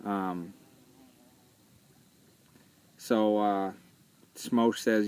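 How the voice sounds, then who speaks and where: A man's voice: lowish voice, fairly even intonation, a little slow. A man talking casually and earnestly as a vlogger, hesitating with fillers and restarts as he retells a film. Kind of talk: casual spoken commentary.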